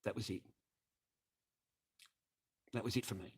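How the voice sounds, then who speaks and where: A man's voice: on the low side, steady tone, a little slow, breathy edge. A man telling a crude casual anecdote, rambling and swearing constantly while calling his listeners mates and boys. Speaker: storyteller addressing viewers.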